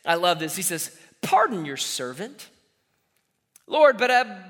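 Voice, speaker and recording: In a reverberant hall, a male pastor in his thirties exhorts his congregation with call-and-response, voicing the characters of the stories he tells. He has a high-sitting, fairly bright voice with big pitch swings and an unhurried delivery.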